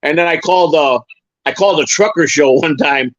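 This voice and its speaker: A man's voice: on the high side, brisk, no room sound. A man chatting casually on a live stream, rambling through stories and stumbling over repeated words. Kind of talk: casual chat. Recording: dull lo-fi sound.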